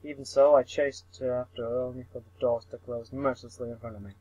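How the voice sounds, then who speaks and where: A man's voice: mid-range voice, level tone, brisk, darkish tone, dry recording, low-quality recording. A young man reading a visual novel aloud for laughs, mumbling, tripping over words and swearing at himself. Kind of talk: comic read-through of a visual novel.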